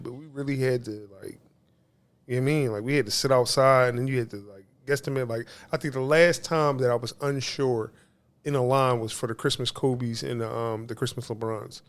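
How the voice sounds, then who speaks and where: A man, co-hosting a podcast in casual chat, excitable and profane, acting out quotes with a louder voice. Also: mid-range voice, a little fast. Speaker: podcast co-host.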